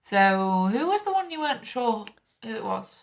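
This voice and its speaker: A woman's voice: fairly high pitch, moderate pace. Podcast host lady, bouncy voice all over the place, laughs a lot. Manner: lively, laughing, asks questions. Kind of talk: casual podcast chat.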